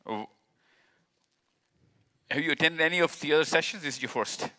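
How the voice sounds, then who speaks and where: A little high and pushed, this man's bright voice moves at a moderate pace, echoing with long hall reverb. He's a live-event speaker on a stage-lit stage in a large hall, talking casually to the audience, cracking jokes and questioning people directly.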